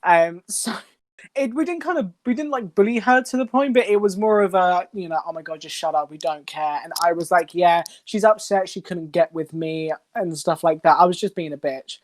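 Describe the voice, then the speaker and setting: A young man, casually telling a funny story as a co-host of a group stream, animated and blunt. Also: high-pitched, normal speed.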